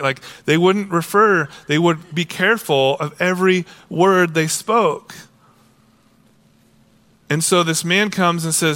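A man preaching a sermon as a pastor, casual and animated, acting out quoted voices. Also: fairly high pitch, a little slow.

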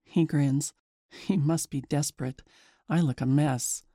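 A woman narrates a story in the first person, chatty and lively. Her voice is mid-pitched and mellow, and she takes her time; the sound is close and dry, with no room sound.

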